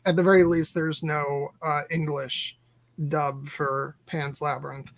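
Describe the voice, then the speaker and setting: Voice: medium pitch, flat delivery, a little slow. Emphatic speaker laughing through opinions. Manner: emphatic, laughs while making points. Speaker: participant on a film discussion stream. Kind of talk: casual discussion.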